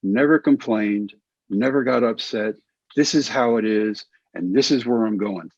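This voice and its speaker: A middle-aged man, a former pitcher, telling his story in an interview and acting out the quoted lines. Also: a little slow, a little mellow, slightly rough, no echo, muffled recording. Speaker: guest, former pitcher and coach.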